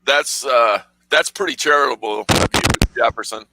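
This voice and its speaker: A man's voice: mid-range voice, normal speed, heavy background noise. A man on a casual voice call, talking bluntly with profanity and stammering as he restarts his sentences. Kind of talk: casual online call chat.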